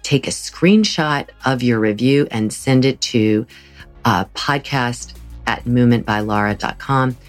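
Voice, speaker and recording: A woman's voice: very deep voice, a little slow, soft background music. A woman hosting her own podcast as a yoga teacher, talking earnestly and encouragingly in a solo episode, with frequent restarts.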